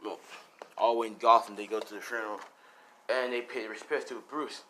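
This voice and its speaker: A man's voice: on the low side, steady tone, brisk, fairly bright tone, slight background noise. Rambling casual man spinning a fan story. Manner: rambling, casual, swears, many fillers. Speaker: storyteller, channel host. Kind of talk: improvised fan story narration.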